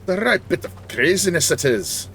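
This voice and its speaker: A man's voice: high-pitched, very animated, moderate pace, fairly bright tone, slight background noise, voice pushed up. A man putting on a hearty Scottish accent, talking playfully. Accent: put-on Scottish.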